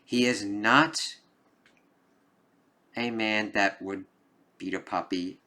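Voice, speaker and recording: A man's voice: lowish voice, fairly even intonation, takes it slowly, bright, forceful tone. A man giving a casual spoken film review, rambling with lots of "like"s and frequent swearing.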